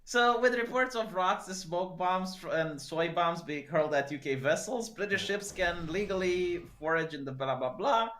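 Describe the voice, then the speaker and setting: A man's voice: high-pitched, moderate pace, few pauses, fairly bright tone. A man in casual chat who teases and argues back playfully. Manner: teasing, argumentative.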